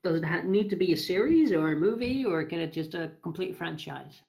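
A woman's voice: lowish voice, animated, a little fast, creaky, warm tone. A woman being interviewed on a casual podcast call, hesitant and nervous, often repeating her words. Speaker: interview guest.

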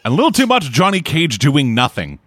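A man chatting casually while watching a movie, swearing freely and reacting with quick asides. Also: fairly high pitch, wildly swooping pitch, a bit bright, no room sound, clean studio sound.

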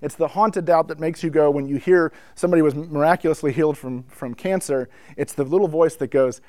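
A man giving a conversational teaching talk to church musicians, telling stories with lots of asides and building the excitement as he goes. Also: on the high side, brisk, few pauses, no room sound, clean studio sound. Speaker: speaker addressing church musicians. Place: indoor room with a whiteboard.

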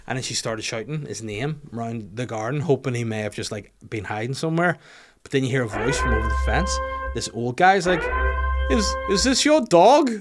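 Northern irish man, podcast host, casual storytelling, animated, swears a lot, mid-pitched voice. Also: brisk, faint music behind.

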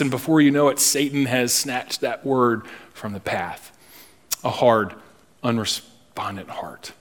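A male pastor preaching a sermon, emphatic and deliberate, with humorous asides. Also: mid-range voice, fairly bright tone.

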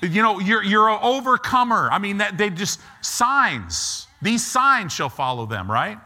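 A middle-aged man preaching a sermon, animated and acting out quick asides as he talks. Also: sits high. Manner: animated, acts out God and people in quick asides.

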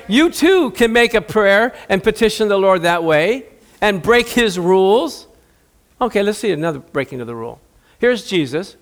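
A man's voice: sits high, a bit bright. A man preaching a conversational sermon, acting out biblical dialogue with humor. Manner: conversational, jokey preaching with acted-out quotes. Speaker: pastor.

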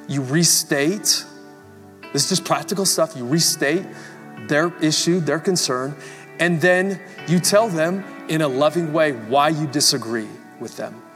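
A man with a fairly high voice preaches before a congregation, telling stories and pressing his points with rising fervor. His voice rings through a large church hall with long reverb, and soft music plays faintly beneath. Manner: storytelling, rising to fervent emphasis. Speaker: pastor. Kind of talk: sermon.

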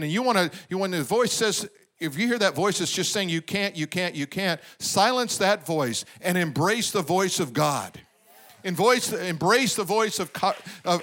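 A man's voice: high voice, bright, forceful tone. A man preaching a sermon, drawing out the crowd with asides and acting out quotes. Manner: preaching with call-and-response asides and acted-out quotes. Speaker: pastor.

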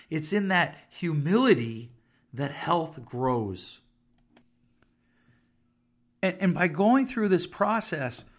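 A man's voice: a little high, a bit bright. A middle-aged man hosting a parenting talk, speaking candidly about his own mistakes and acting out short exchanges with his children. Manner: candid and self-disclosing, acts out little dialogues with his kids. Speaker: parenting podcast host and counselor. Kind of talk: reflective solo talk to camera.

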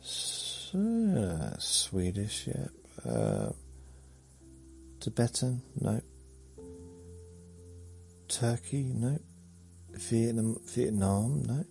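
A man, rambling slowly through a meandering bedtime monologue with muttered asides that trail off. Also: medium pitch, huge pitch swings, vocal fry, a little mellow, soft background music. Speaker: sleep podcast host.

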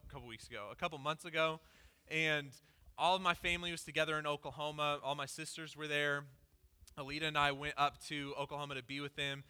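A pastor giving a conversational sermon, candidly telling a personal story with lots of "like" fillers. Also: male voice, on the high side, pushed and bright, clean tone. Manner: casual and candid, peppered with "like".

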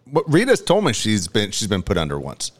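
Deep-voiced quick-talking radio co-host. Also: male voice, wildly swooping pitch. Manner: brief interjections, quick asides. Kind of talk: casual radio chat.

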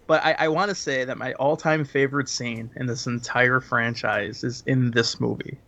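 A man's voice: mid-range voice, fairly even intonation, normal speed, creaky, sharp tone, highs cut off. A man chatting casually and crudely about a horror film, laughing often as he rambles through the plot.

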